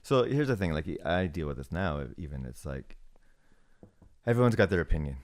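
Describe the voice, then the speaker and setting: Middle-aged man, extremely low voice, slow considered podcast talk. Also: big pitch swings. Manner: measured, hesitant, thinks aloud. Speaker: podcast guest, former snowboard shop manager. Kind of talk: casual podcast conversation.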